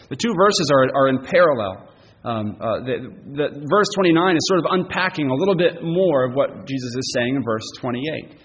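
A man preaching a sermon in an earnest way, often repeating himself and swinging between loud and soft phrases. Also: mid-range voice, animated, moderate pace, long reverb tail, a little hiss or hum. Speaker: pastor.

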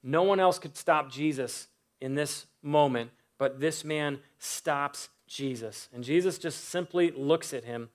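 A man preaching a sermon, earnest, with pauses and rhetorical questions. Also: on the high side.

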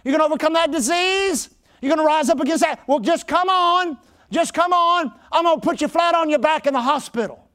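A man's voice: extremely high pitch, a little fast, fairly bright tone. A man putting on a taunting, boastful devil. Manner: mocking, threatening taunts.

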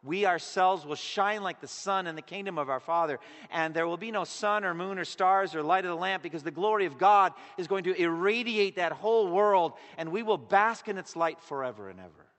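A man preaching a sermon in an earnest way, his voice swelling loud on key words and then dropping to a hush. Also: sits high, fairly quick. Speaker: pastor. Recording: long echo of a large hall.

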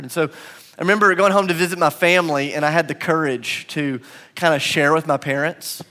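Earnest young male preacher, fairly high voice. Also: moderate pace, sharp tone. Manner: earnest, personal storytelling with emphatic swells. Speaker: pastor. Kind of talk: sermon. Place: church sanctuary before a congregation.

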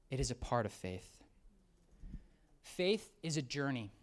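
A preacher gives an animated, conversational sermon, dropping low and quiet for reflective moments and then leaping loud and high in excited outbursts. He acts out quoted characters, playfully shifting his tone for each.

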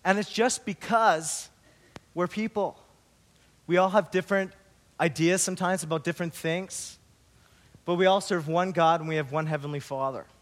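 A man pastor giving a sermon, opening with a story and then preaching slowly and earnestly. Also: high-pitched.

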